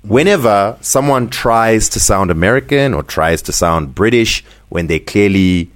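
Animated Zimbabwean man ranting on a podcast. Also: lowish voice, unhurried. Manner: animated ranting, laughs often. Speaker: podcast co-host. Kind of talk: casual podcast chat.

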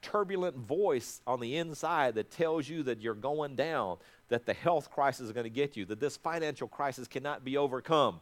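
A man's voice: fairly high pitch, expressive, normal speed, few pauses, a bit bright. A middle-aged man, a pastor, preaching a sermon in a conversational way, often restarting his words.

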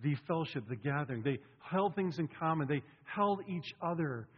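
A man's voice: a little high, lively intonation, moderate pace, husky. A middle-aged man preaching a sermon as pastor, talking conversationally with asides to the congregation. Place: church sanctuary. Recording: lo-fi recording with long hall reverb.

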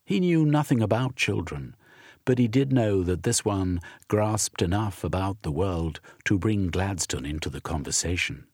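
Male narrator, low and husky, slow, measured storytelling, dry sound. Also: expressive, a little mellow, dry recording. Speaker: audiobook narrator. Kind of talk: scripted narration.

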